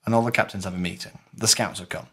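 A husky, low-voiced male podcast co-host talks fast, swearing freely and acting out quotes as he lively recounts a live-action role-play weekend in casual chat.

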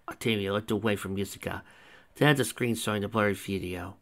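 A man narrates a story aloud with a steady, plain reading. His voice sits on the low side for a man, and the pacing is even. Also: brisk. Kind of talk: reading fan fiction aloud.

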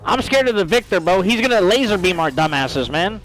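A young man streaming a video game, commenting live with profane, hyped chatter and sudden bursts of yelling. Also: high-pitched, big pitch swings, fairly quick, very noisy. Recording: loud game music behind voice. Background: game music.

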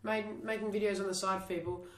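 A man's voice: sits high, flat delivery, fast, fairly bright tone. A young man, a guest on a podcast, talking bluntly with lots of swearing. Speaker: podcast guest, video maker. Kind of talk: casual chat. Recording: roomy echo.

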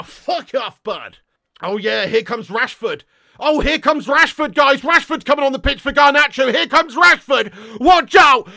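A young man ranting angrily and loudly as host of a live football watch-along, swearing constantly. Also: very high voice, no room sound. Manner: angry, sweary, loud ranting. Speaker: football fan livestream host.

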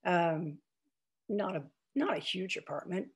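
A woman's voice: lowish voice, very animated, unhurried, a little hiss or hum. An older woman giving an author talk over a video call, telling anecdotes in a chatty way with many fillers and restarts. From Iowa, United States.

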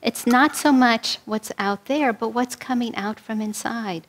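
A woman minister from New York City leading a guided prayer and telling stories in a sermon, slow and soothing in prayer, livelier in her stories. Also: fairly high pitch.

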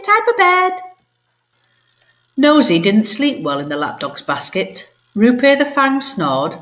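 A woman teacher reading a story aloud to her pupils, expressive and animated. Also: mid-range voice. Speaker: primary school teacher. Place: home.

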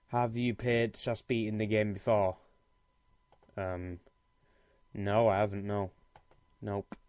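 A man's voice: fairly low pitch, dry recording. A young man with a sore throat, giving profane, exasperated commentary while playing a game. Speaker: let's play gamer. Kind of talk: casual gameplay commentary. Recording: loud game music underneath. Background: looping clarinet game music.

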